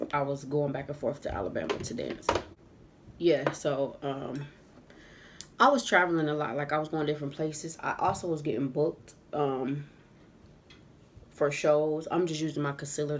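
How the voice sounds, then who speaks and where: A woman telling a casual storytime vlog story as she does her makeup at home. She is animated and laughs often. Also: deep voice, moderate pace, a little hiss or hum. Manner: animated, laughs often, says "y'all" a lot. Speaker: vlogger. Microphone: camera on a tripod.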